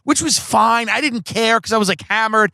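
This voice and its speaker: A man's voice: high voice, normal speed, gravelly, sharp tone, no room sound. A man hosting a podcast, telling comic stories in a casual, profane, rambling way full of "like". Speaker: podcast host. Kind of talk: comedic storytelling.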